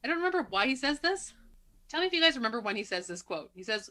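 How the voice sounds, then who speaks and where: A woman's voice: a little high, big pitch swings, quick pace, bright, forceful tone. A woman co-hosting a movie podcast in casual chat, wry and sarcastic, laughing between her remarks. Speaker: podcast co-host.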